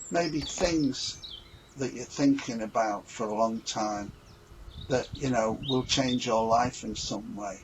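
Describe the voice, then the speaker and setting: A man's voice: mid-range voice, takes it slowly, noisy background. A man talking earnestly and a little ramblingly in a casual reflective vlog. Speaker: vlogger.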